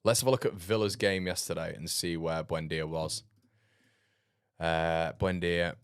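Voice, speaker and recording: Male football streamer, low voice, dry close sound, blunt and sarcastic. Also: steady tone, unhurried, clean tone, no room sound. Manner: blunt, sarcastic, laughs often. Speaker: football fan channel host. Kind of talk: casual livestream chat reading comments.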